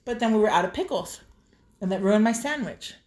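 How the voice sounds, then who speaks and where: A woman's voice: mid-range voice, expressive, a little fast, darkish tone. A woman co-hosting a casual chat podcast, teasing and playful. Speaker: podcast co-host.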